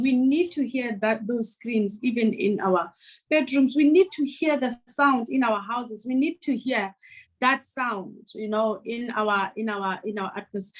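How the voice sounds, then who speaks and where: A woman's voice: fairly high pitch, low-quality recording. A woman speaking as a spiritual guest teacher, emphatic and impassioned, repeating phrases for weight. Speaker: womb priestess guest speaker.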